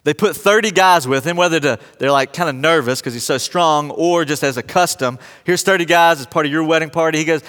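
High-voiced pastor in a reverberant hall. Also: male voice, brisk, few pauses. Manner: storytelling, animated, acts out quotes in voices. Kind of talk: sermon. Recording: long reverb of a large hall.

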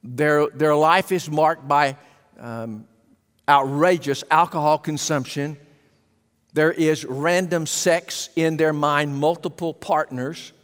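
High-voiced preacher in a reverberant hall. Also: male voice, smooth. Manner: emphatic, rhetorical questions to the congregation. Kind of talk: sermon. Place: church sanctuary.

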